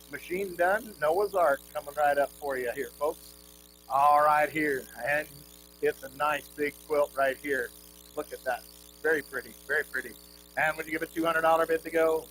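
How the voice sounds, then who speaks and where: Fast-chanting male auctioneer outdoors. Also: a little high, noisy background. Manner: rapid rhythmic bid chant. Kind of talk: live charity auction calling.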